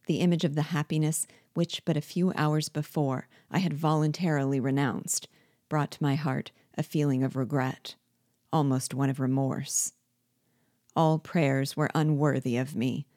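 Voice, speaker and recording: A woman reading a novel aloud in a measured, deliberate manner. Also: low-pitched, steady tone, mellow, no room sound, studio quality. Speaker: book reader.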